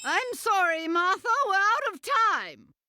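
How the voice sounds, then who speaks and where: An actress voicing a prim older female schoolteacher in a cartoon, speaking politely and briskly. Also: very high-pitched, lively intonation, loud music behind the voice.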